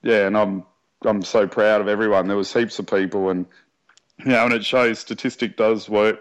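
A man chatting easily as a podcast co-host. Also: lowish voice. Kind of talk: casual chat. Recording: dull lo-fi sound.

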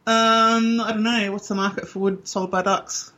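A man's voice: high-pitched, level tone, moderate pace, bright, forceful tone. An Australian man co-hosting a casual fan podcast, blunt and opinionated, with frequent ums. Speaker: podcast co-host.

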